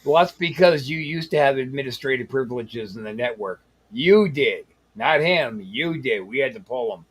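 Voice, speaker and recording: A man's voice: mid-range voice, expressive, moderate pace, few pauses, slightly rough. A man hosting a casual comedy show, talking in a sarcastic, teasing and profane way. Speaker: host.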